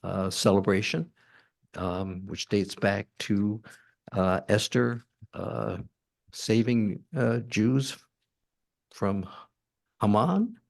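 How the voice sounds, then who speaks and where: A man hosting a church forum, introducing the guest speaker to the audience in a halting, light-hearted way. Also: on the low side, steady tone, creaky. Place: church meeting room.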